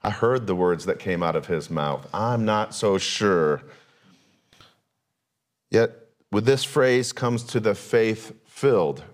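A man pastor preaching a sermon, asking rhetorical questions and shifting his pace and pitch often. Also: animated, slow pace, long pauses.

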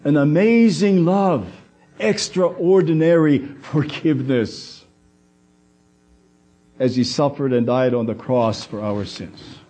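A man preaching a sermon in a high voice, unhurried and deliberate. He leans on dramatic pauses and slips into the quoted words of others as he goes. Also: warm tone.

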